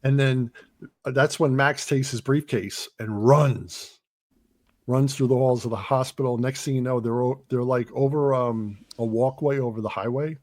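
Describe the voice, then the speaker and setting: A man's voice: mid-range voice, steady tone, normal speed, a little mellow. A man chats casually on a movie podcast, retelling scenes and acting out quoted lines. He talks loosely with many ums and restarts. The sound is close and dry, with no room echo. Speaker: podcast host.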